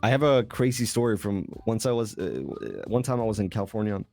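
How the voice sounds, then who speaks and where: A relaxed young man from Sweden with a lowish voice, spinning a story in easygoing, swear-filled podcast chat. Faint music plays softly behind him. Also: brisk, gravelly. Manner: laid-back storyteller, loose and profane. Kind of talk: casual chat.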